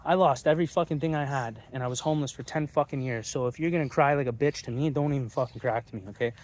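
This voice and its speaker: A man's voice: mid-range voice, quick pace, a little mellow. A man talking straight to his viewers in a casual monologue, blunt and combative, swearing freely. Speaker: channel host.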